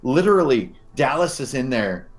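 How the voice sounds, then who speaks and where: A man as game master, narrating scenes descriptively and slowing down for dramatic moments. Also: mid-range voice, big pitch swings, faint music behind.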